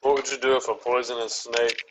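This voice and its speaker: A man's voice: medium pitch, flat delivery, brisk, noisy background. A man hosting a podcast, chatting casually and asking teasing, joking questions. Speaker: podcast host. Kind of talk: casual chat. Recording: dull lo-fi sound.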